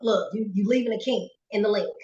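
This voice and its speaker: A woman guest telling a personal story in a goofy, animated way and acting out the quotes. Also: mid-range voice, brisk, highs cut off. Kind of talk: casual storytelling. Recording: roomy echo. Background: pet rabbit scratching cage.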